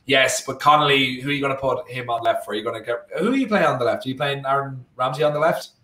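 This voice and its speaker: A man with an Irish accent co-hosting a casual football watchalong, talking in a rambling, animated way and often correcting himself. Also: mid-range voice, quick pace. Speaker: co-host. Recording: roomy echo.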